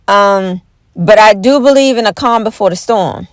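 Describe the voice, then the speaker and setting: A woman delivering an animated, exaggerated comedic rant to camera, folksy and emphatic, with repeated catchphrases and quick mock voices. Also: medium pitch, dry recording. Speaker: vlogger.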